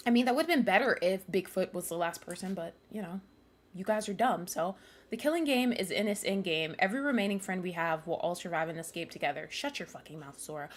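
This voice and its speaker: Speaking fast in a lowish voice, a young woman streaming a game launches into angry rants, cursing out the characters as she goes.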